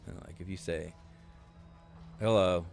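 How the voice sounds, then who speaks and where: A man's voice: low-pitched, unhurried, gravelly, a little mellow, soft background music. A man casually chatting on a live stream while he plays, rambling along with plenty of fillers. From United States. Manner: rambling, laid-back, many fillers. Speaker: game streamer.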